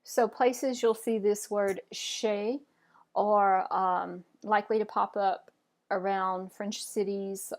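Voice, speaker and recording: A woman guiding learners through French sounds in a patient, encouraging way. She says each example slowly and clearly, then prompts her students to try it. Her pitch is in the middle range. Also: darkish tone. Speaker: French teacher. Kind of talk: pronunciation lesson.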